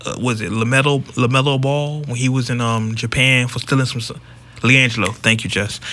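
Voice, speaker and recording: A man's voice: mid-range voice, bright, forceful tone. A man hosting a casual talk show, giving emphatic, blunt and profane commentary. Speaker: podcast host.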